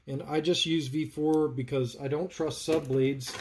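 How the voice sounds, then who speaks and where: A man's voice: on the high side, steady tone, unhurried, a little mellow, breathy edge. Man, live-stream builder, chats through a soldering demo while reading viewer comments. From North Carolina, US. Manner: chatty, narrates work while answering viewers. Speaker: livestream host, saber builder. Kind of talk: live soldering tutorial chat.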